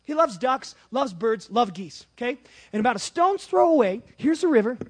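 Husky high-voiced animated male preacher. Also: moderate pace. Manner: animated, swings from hushed to shouting. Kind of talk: sermon with personal story.

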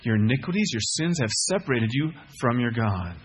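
A man's voice: mid-range voice, sing-song, moderate pace, breathy edge. A middle-aged man preaching a sermon, earnest, repeating key phrases and putting questions to the listeners. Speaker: pastor.

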